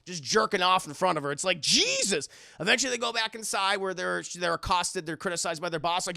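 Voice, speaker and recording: Young male streamer, gravelly and bright, dry close mic, swears freely. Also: high voice, brisk, hardly any pauses, no room sound. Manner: animated, profane, talking to chat. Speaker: streamer and film reviewer. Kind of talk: casual live-stream movie recap.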